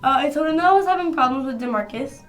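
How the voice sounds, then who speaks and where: Young woman vlogger, high-pitched, casual slangy storyteller, phone mic, soft music behind. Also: lively intonation, quick pace. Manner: chatty, slangy, rambling. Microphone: phone camera.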